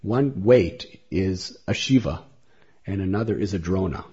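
A man's voice: low-pitched, animated, a little slow, warm tone, breathy edge. A man telling a devotional story as a speaker in a religious talk, in a dull lo-fi recording.

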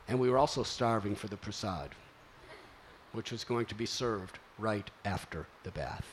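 A man telling a story to a gathering, animated and exclamatory as he acts out the sounds. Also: fairly low pitch, measured pace, slight background noise. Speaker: spiritual speaker.

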